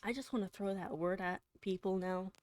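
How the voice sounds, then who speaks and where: A woman on a livestream, reading poetry aloud dramatically with drawn-out words and whispered passages, then chatting with her viewers. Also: medium pitch, a little mellow, no room sound.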